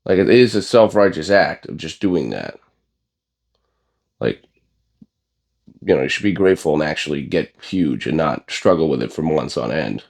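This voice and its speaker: Deep-voiced man ranting about eating. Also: expressive, moderate pace, gravelly, long pauses, darkish tone. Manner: blunt, profane, rambling with many fillers. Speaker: bodybuilding vlogger. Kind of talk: casual gym vlog rant.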